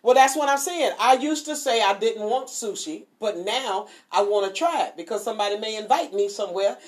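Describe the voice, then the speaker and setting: A woman's voice: mid-range voice, brisk. Sassy, laughing woman radio host. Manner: sassy, laughing, preachy asides. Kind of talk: casual radio chat.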